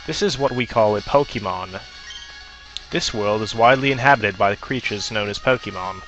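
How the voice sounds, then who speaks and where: A man's voice: on the low side, normal speed, a bit bright, lo-fi sound, faint music behind, lightly acted. A man voicing a cheery middle-aged Pokemon professor in a hammy put-on Australian accent, hearty and theatrical. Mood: hearty welcoming.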